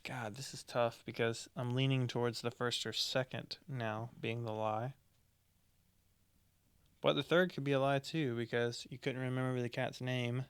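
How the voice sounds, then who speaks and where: Young man, podcast co-host, casual jokey chat, smooth clear voice, dry close sound. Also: fairly even intonation, normal speed, no room sound. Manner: jokey, bursts into high falsetto singing and impressions.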